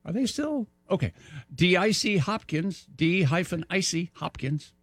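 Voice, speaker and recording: A man's voice: high voice, animated, measured pace, dry recording. A man co-hosting a casual talk show, reading out names and spelling them out in an upbeat way. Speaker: co-host. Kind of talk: casual radio chat.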